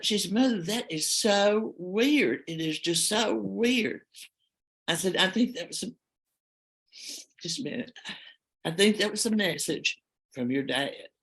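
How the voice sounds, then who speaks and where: An older woman telling a personal story in a heartfelt, halting, emotional way. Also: mid-range voice, lively intonation, rough recording. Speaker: storyteller guest.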